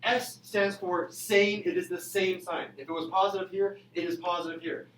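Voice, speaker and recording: A young man teaching a high school math class in a classroom, playful and jokey in manner. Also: steady tone, moderate pace, fairly bright tone, a little hiss or hum, low-quality recording. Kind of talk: classroom lecture.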